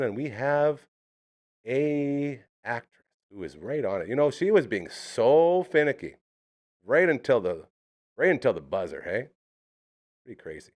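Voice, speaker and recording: A man hosting a live show, upbeat and rambling, with jokes along the way. His pitch swings widely up and down, sitting in a middle range. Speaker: live podcast host. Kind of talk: casual live show chat.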